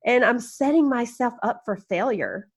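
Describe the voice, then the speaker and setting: Woman, higher pitch, animated storytelling, self-mocking, encouraging, podcast interview guest. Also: moderate pace, husky. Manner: animated, self-mocking, laughs while telling stories; encouraging, upbeat.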